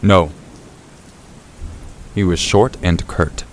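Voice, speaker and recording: A man narrating a true scary story in the first person, in a steady, low-key storytelling voice. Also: drawn-out words, slight background noise. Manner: steady, low-key storytelling, rising sharply for shouted quotes. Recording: faint rain and thunder behind.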